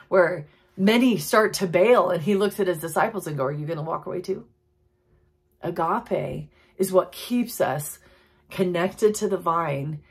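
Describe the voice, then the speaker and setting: Earnest, husky-voiced woman teaching devotions. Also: fairly low pitch. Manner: earnest, reflective, reads quotes slowly and softly; emotional, tender delivery. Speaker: Christian teacher.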